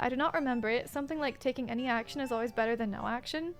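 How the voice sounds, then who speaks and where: Joking high-voiced woman streamer. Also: racing, soft background music. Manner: joking, thinking aloud. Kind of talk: casual gameplay commentary.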